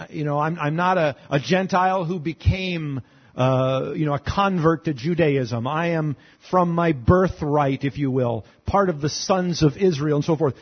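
A man's voice: a little high, breathy edge, highs cut off. A man preaching a conversational sermon as pastor, reading scripture aloud and adding rhetorical questions and dry sarcastic asides. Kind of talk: expository sermon.

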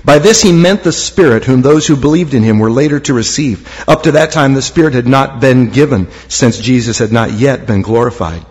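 A man's voice: mid-range voice, fairly quick, hardly any pauses, darkish tone, slightly rough. A man preaching a sermon as pastor, reading scripture aloud in a church and lifting key phrases for emphasis. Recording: long hall reverb.

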